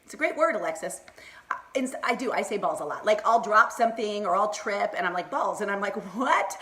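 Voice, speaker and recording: A woman's voice: mid-range voice, quick pace, fairly bright tone. A middle-aged woman chatting on a live stream, bubbly and rambling, laughing often and talking to her viewers by name. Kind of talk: casual Facebook Live chat.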